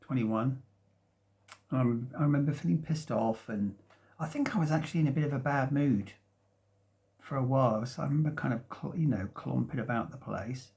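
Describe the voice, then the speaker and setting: A man in his fifties tells a long, meandering story from his sofa at home. His voice has a gravelly edge and sits at an ordinary pitch. He talks hesitantly, restarting phrases and breaking into soft chuckles. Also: fairly quick. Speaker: vlogger. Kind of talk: casual rambling storytelling. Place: at home, sitting in a sunlit room.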